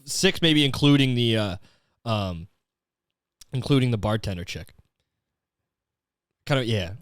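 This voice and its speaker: A man's voice: mid-range voice, lively intonation, a little slow, clear, resonant tone, dry recording, clean studio sound. A young man from Canada hosting a comedy podcast, talking in a profane, rambling, slang-heavy rant. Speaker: podcast host.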